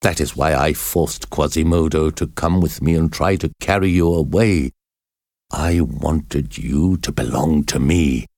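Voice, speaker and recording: A man reading a story voices a tormented, obsessive middle-aged priest, confessing slowly in agony. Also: rumbling low, creaky, a little mellow, no room sound, clean studio sound, pitched below the performer's own voice, exaggerated voice. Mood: brooding. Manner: slow agonized confession.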